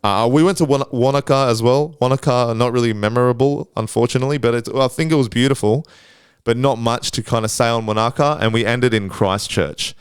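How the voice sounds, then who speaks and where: A man's voice: medium pitch, fairly quick, smooth, dry recording, studio quality. A young man hosting a podcast, telling rambling travel stories in a laid-back, profane way. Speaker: podcast host. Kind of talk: casual storytelling.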